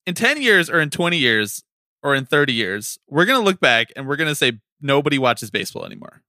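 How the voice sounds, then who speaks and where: Guy ranting on a sports podcast, swears a lot, super lively pitch, dry close sound. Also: fast, dry recording. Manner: animated ranting, swears, laughs often. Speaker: podcast co-host. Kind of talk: casual sports chat.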